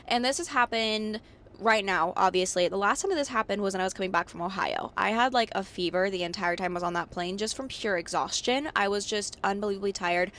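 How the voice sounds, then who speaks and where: Bubbly, slightly hoarse young woman podcaster. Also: fairly bright tone. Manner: bubbly, slangy and rambling, swinging pitch up and down for emphasis. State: slightly hoarse with a cold, voice cracking. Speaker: podcast host. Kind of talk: casual solo podcast chat.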